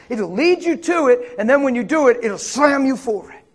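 A man preaching to a congregation, animated and conversational, sometimes dropping to a hushed voice to act out a tempting whisper. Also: very high voice, quick pace, hardly any pauses, breathy edge. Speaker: pastor. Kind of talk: sermon.

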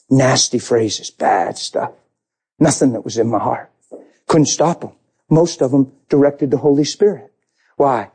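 A man's voice: medium pitch, darkish tone, breathy edge. A man preaching a sermon, telling his own story with passion and acting out his prayers.

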